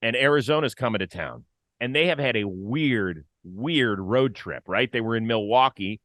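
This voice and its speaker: Man, baseball show host, playful, bright voice, dry close sound. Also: mid-range voice, normal speed, dry recording. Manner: playful, stat-heavy, lively. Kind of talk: casual sports talk.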